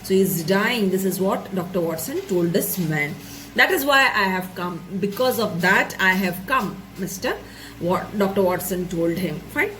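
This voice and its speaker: A woman's voice: mid-range voice, lively intonation, moderate pace, a bit bright, slight background noise, poor audio. A woman teacher explaining a story to students, repeating and rephrasing each point and checking in with "right?" and "isn't it?".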